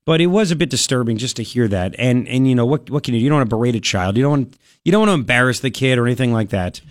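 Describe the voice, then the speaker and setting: Animated opinionated male radio host. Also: medium pitch, rapid-fire, dry recording, studio quality. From Long Island, New York. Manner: animated, opinionated, rhetorical questions. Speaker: radio talk show host. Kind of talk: talk radio monologue. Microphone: studio microphone.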